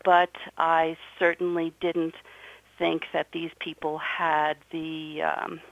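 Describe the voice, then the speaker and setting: A woman's voice: deep voice, flat delivery, slow pace, creaky, dry recording. Earnest middle-aged woman telling a story. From New Jersey. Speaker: guest, author. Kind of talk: conversational interview. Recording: dull, muffled audio.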